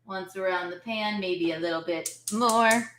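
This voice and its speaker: A woman's voice: mid-range voice, unhurried, fairly bright tone, a little hiss or hum. A young woman hosting a casual cooking show, joking and chatting playfully while she cooks. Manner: playful, joking, chanting chopping sounds.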